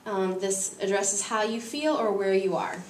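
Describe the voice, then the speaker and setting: A woman's voice: mid-range voice, unhurried, recorded from a distance, slight background noise. Woman, teacher voice, patient step-by-step explaining, roomy echo, mic set back, faint ambience. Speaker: Spanish teacher. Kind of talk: classroom grammar lesson.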